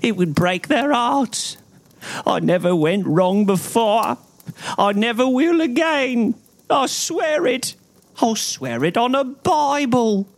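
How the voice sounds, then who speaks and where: A man reading an audiobook, voicing a cringing, panicked young male thief with a crackling voice who begs in a high, strained tone. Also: expressive, takes it slowly, darkish tone. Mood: pleading. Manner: begging, high-strung, voice leaping upward. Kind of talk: audiobook character voice.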